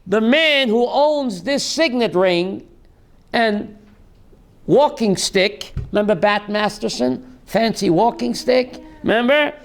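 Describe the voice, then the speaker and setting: A man teaching a lively Torah class as a rabbi, asking his listeners questions and mixing in Hebrew terms. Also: high-pitched, slow, gravelly. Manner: animated, asks the audience questions, mixes Hebrew terms.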